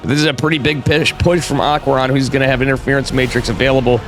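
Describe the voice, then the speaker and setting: A man with a cold casts a live strategy game match on his own, chatty and joking as he talks to viewers. His voice sits at a middle pitch. Soft music plays faintly behind him. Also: fairly even intonation, fast talker. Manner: casual, chatty, talks to viewers, jokey asides. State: has a cold. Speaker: esports caster. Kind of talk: solo live game commentary.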